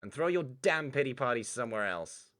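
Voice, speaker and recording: A man reading a furious young boyfriend, shouting and ranting, very deep voice, lively swings in pitch, faint music underneath. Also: moderate pace, full character voice.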